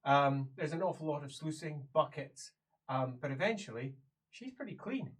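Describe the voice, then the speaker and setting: A man's voice: on the high side, moderate pace, husky. A man running a tabletop role-playing game as game master, narrating with frequent laughter. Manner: lively, laughing, drops to a hushed mumble for side characters.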